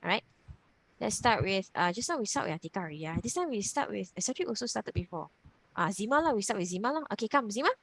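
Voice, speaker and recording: A woman's voice: medium pitch, expressive, fast, a bit bright, husky, dry recording. A woman teacher, patiently explaining grammar over a video call and repeating key points. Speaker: Mandarin teacher. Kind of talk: online class teaching.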